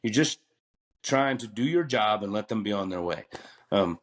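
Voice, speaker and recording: A man's voice: fairly low pitch, lively intonation, moderate pace. A talkative man in his fifties, a retired butcher telling long stories in a casual podcast interview, rambling with fillers and restarts. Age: 50s.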